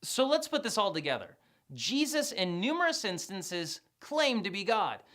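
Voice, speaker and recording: Animated woman teaching a Bible lesson. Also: mid-range voice, normal speed. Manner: animated, emphatic, conversational. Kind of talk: explanatory video lesson.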